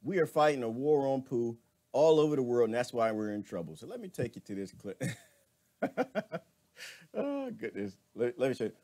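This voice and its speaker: A man hosts a casual live stream, greeting viewers by name. His pitch rises and falls a lot as he talks. He laughs often and keeps it loose and chatty. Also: big pitch swings, normal speed, mellow.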